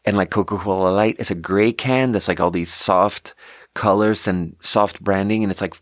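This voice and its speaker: Here a podcast host with a lowish voice tells his story at a moderate pace, casually and animatedly, stumbling through fillers and restarts as he goes. His clean studio recording has no echo.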